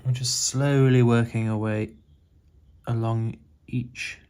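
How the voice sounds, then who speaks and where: A middle-aged man calmly talking through a model-building tutorial, often hesitating and restarting his sentences. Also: medium pitch, takes it slowly, clear, resonant tone. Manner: hesitant, with frequent restarts and fillers. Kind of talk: relaxed tutorial voice-over.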